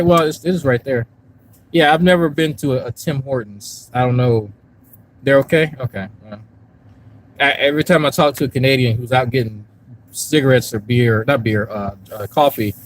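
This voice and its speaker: A man with a medium-pitched voice chats casually with his live-stream audience, rambling and swearing; he's a YouTube commentary streamer broadcasting from a park and then a parked car. Slight background noise runs through the rough recording.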